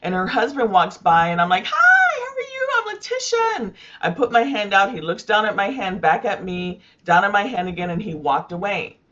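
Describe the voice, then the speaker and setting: A woman's voice: medium pitch, brisk, few pauses, a bit bright, lo-fi sound. A woman who runs a roofing business, telling a personal story candidly in a panel discussion, with frequent fillers.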